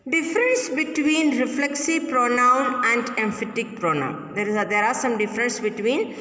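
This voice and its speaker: A woman teacher giving a grammar lesson, repeating each example sentence slowly. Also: on the high side, lively intonation, pushed and bright. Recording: echoey room with long reverb.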